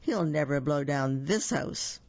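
A man's voice: fairly high pitch, lively intonation, measured pace, gravelly, a little mellow, dry recording, muffled recording. A man reading aloud, voicing a proud little pig who boasts and squeals. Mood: nervous. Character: proud, nervous little pig in a brick house.

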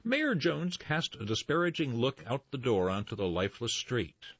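A man's voice: medium pitch, very animated, normal speed, fairly bright tone, slightly rough, dry recording, muffled recording. Man reading a folksy tall tale. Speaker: storyteller.

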